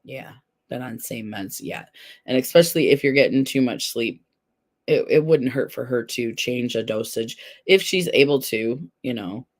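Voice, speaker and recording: A woman's voice: very deep voice, moderate pace, a little mellow. A woman hosting a casual live stream, chatting candidly and answering viewers directly, recorded at home. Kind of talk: casual live chat, reading viewer comments.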